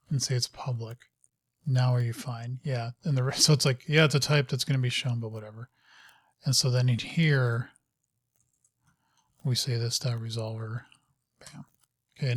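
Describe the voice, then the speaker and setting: A man's voice: medium pitch, dry recording, clean studio sound. A man hosting a live coding session, thinking aloud as he works, muttering to himself and scolding his code with casual, self-mocking asides.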